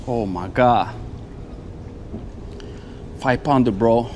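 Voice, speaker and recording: Slow-talking excitable man fishing outdoors. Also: medium pitch, slight background noise. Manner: excitable, keeps saying "man" and "bro". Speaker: fishing vlogger. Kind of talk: casual outdoor narration while fishing. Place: outdoors by the water. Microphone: lapel mic.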